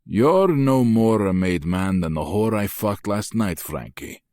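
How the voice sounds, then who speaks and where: A male narrator voicing a calm, contemptuous mafia traitor in an audiobook. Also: on the low side, a little slow, no echo, studio quality. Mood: cold. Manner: calm, contemptuous, snapping when crossed. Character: calm, cold Italian mafia traitor, man. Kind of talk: audiobook character voice.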